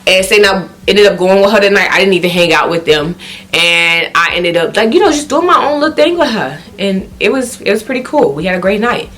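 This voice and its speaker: A woman with a Southern country accent telling a story on her vlog, animated and acting out what people said in high, excited exclamations. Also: fairly quick. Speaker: vlogger.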